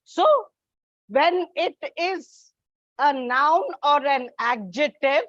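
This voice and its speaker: A woman teaching an English exam coaching lesson, explaining slowly, spelling out letters and repeating the key points. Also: high voice, fairly bright tone, dry recording, lo-fi sound.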